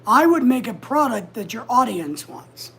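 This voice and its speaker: A woman's voice: on the high side, big pitch swings, moderate pace, creaky, fairly bright tone, breathy edge. A woman hosting a casual livestream from home, chatting, giving advice and reading out viewer comments. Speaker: livestream host.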